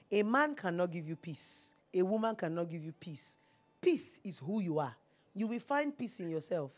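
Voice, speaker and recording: A Nigerian woman hosting a TV call-in advice show, animated and preachy, slipping into Pidgin. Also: on the low side. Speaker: talk show host. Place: TV studio.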